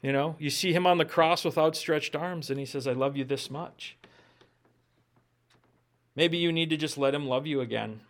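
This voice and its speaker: Earnest man preaching, fairly high voice. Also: a little fast, hardly any pauses. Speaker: pastor. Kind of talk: sermon.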